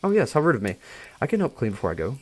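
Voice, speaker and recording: A man's voice: medium pitch, wildly swooping pitch, rapid-fire, slightly rough, pitched above the performer's own voice. Man reading as an eager young woman.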